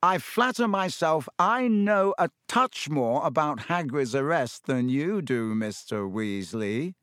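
A man voicing a pompous, self-satisfied male teacher who talks slowly and condescendingly in a storybook reading. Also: fairly high pitch, animated, fairly bright tone, no room sound, clean studio sound, pitched above the performer's own voice. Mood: smug, patronising.

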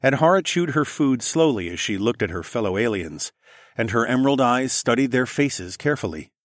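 A man's voice: mid-range voice, sing-song, a little fast, dry recording, clean studio sound. A man narrating a first-person science fiction audiobook.

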